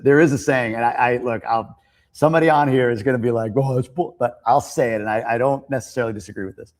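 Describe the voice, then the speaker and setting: A middle-aged man from the United States hosting a livestream, chatting casually and speaking his opinions in an animated way. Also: mid-range voice, fast. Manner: animated, opinionated, laughs and rises to near-shouting when joking. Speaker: livestream host. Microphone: streaming mic.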